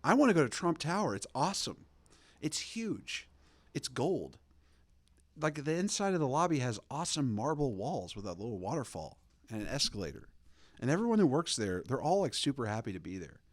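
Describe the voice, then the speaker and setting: A man's voice: mid-range voice, big pitch swings, brisk, no echo. A young man hosting a podcast, ranting casually and sarcastically, rambling with lots of fillers and mocking impressions. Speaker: podcast host. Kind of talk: casual political rant.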